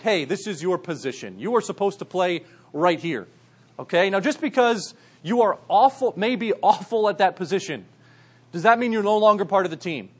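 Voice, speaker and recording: A man's voice: high-pitched, breathy edge. A young man preaching a casual sermon to young people, telling stories with lots of "like" and "right". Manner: conversational, uses stories and fillers like "like" and "right". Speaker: youth pastor.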